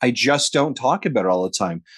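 A Canadian man co-hosting a podcast in casual banter, given to animated mock-outraged rants. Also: medium pitch, brisk, breathy edge. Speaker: podcast co-host.

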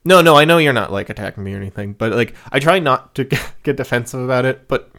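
A man's voice: mid-range voice, fast, fairly bright tone. Rambling man on a podcast. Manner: rambling, filler-heavy, laughs often. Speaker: podcast co-host. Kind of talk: casual podcast chat.

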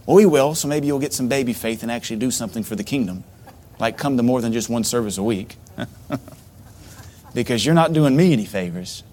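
A middle-aged man preaching a sermon as pastor, animated, with sudden loud outbursts and mocking asides. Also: mid-range voice, fairly quick.

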